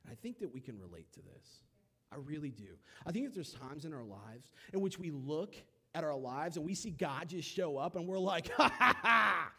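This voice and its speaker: A young man preaching a casual sermon, telling stories with animated, acted-out quotes and big swings in loudness. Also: fairly high pitch, moderate pace, slightly rough.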